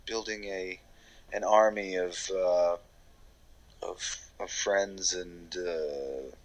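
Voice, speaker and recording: A man's voice: sits low, a bit bright, low-quality recording. A man from New York, a voiceover actor, talking in a loose, rambling way with casual swearing in a podcast interview. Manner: rambling, many fillers and restarts, casual swearing.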